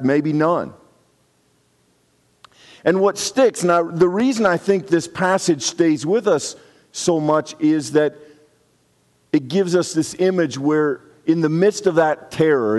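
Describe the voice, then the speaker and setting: A man delivers a sermon in an easy, reflective manner, slipping briefly into acted quotes. He speaks at a slow, deliberate pace with a somewhat high voice. A long reverb trails after his words. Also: darkish tone. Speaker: pastor.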